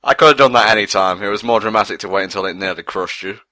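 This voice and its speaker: A man's voice: on the low side, fast talker, sharp tone, no room sound. A man co-hosting a casual watch-along commentary, trading dry, sarcastic quips. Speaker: commentary co-host.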